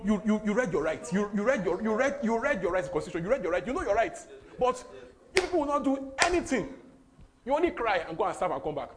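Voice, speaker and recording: Young Nigerian preacher, Nigerian English accent, fairly high voice, very lively delivery, repeats himself for emphasis. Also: male voice. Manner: animated, repetitive, breaks into laughter and pidgin. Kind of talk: sermon.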